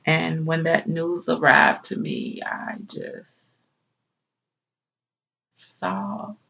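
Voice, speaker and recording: A woman performing a dramatic biblical monologue as a grieving young wife and mother who talks slowly, softly and tearfully. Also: deep voice, gravelly, husky, full character voice. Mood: sorrowful. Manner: slow, soft-spoken, tearful. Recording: dull lo-fi recording.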